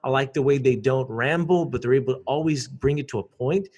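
Guy, public speaker, animated, keeps saying boom, mid-pitched voice. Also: fairly quick. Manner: animated, repeats words, says "boom". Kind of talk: casual interview talk.

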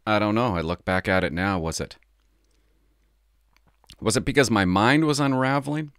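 A middle-aged man, a former police officer, telling a story from his work in a casual, animated way. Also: fairly low pitch, moderate pace, no echo, clean studio sound. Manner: animated, acts out the people he quotes.

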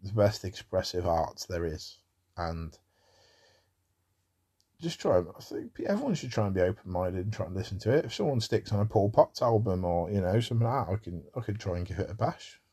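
A man's voice: low voice, lively intonation, brisk, warm tone, husky. A man talking in a rambling casual monologue about music, with wry asides.

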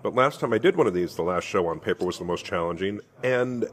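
A man co-hosting a podcast from a restaurant table, chatting in a relaxed way with dry humor. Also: low-pitched, fast. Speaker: podcast co-host. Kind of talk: casual chat.

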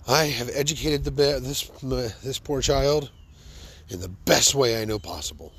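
A man's voice: medium pitch, expressive, normal speed, breathy edge. A man in a casual comedic monologue, hosting his own show, sarcastic and laughing at his own stories. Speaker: podcast host.

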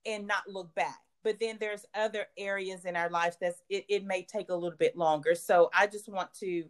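A woman hosting a faith-based conversation, speaking in an encouraging, measured way with many "you know"s. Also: medium pitch, fairly even intonation. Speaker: podcast host.

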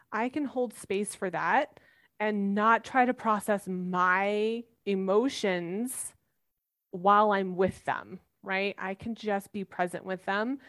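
A woman's voice: mid-range voice, a bit bright. A woman in her thirties, a mother answering interview questions earnestly and animatedly, acting out everyday examples. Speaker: parenting guest expert.

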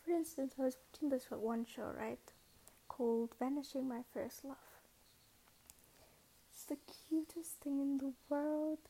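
A woman's voice: high-pitched, fairly even intonation, a little slow, mellow, poor audio. A young woman hosting a casual podcast, rambling and self-mocking, often dropping into a whisper. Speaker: podcast host. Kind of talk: casual monologue.

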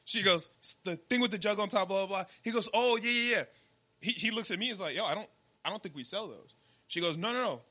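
A man's voice: high-pitched, fast, bright, forceful tone, slightly rough. A young man, a podcast co-host, telling a story in casual chat and acting out the dialogue with animation.

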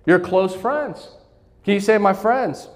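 A man's voice: high voice, takes it slowly. A man preaching a sermon as pastor, calling on the congregation to repeat phrases back to him. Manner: call-and-response preaching, asks congregation to repeat. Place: church sanctuary. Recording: church hall reverb.

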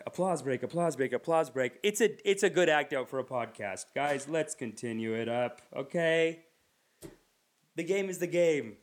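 A man from Canada hosting a podcast, telling rambling comedic stories and swearing freely. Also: a little high. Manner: rambling, swearing, acting out bits. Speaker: podcast host. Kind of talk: casual comedic storytelling.

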